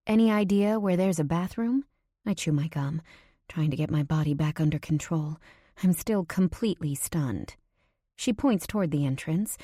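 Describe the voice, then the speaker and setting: Female narrator for a first-person romance audiobook: low, mellow voice, intimate delivery with breathy whispers, dry close mic. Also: dry recording.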